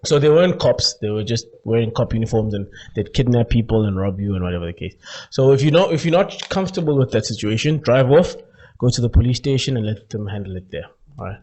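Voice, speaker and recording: A man hosting a podcast, telling a story in casual chat, animated, laughing often and acting out voices. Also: mid-range voice, quick pace. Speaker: podcast host.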